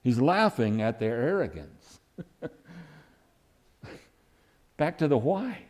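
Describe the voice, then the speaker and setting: A man's voice: mid-range voice, very animated, slow, a little mellow. A man preaching a sermon who acts out quoted lines with sudden rises and dips in his voice.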